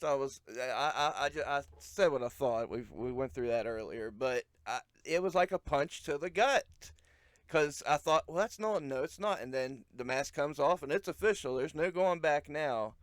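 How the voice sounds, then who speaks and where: A man hosts a casual podcast chat, laughing often and dropping in quick reactions. His voice sits a little high. The sound is dry and close to the mic. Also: animated, dry recording. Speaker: podcast host.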